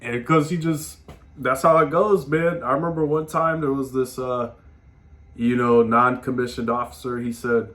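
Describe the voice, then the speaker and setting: A man with a mid-range voice talks at normal speed while hosting his own podcast and giving advice. His storytelling monologue is casual, animated and slangy, full of swearing and frequent "man" tags.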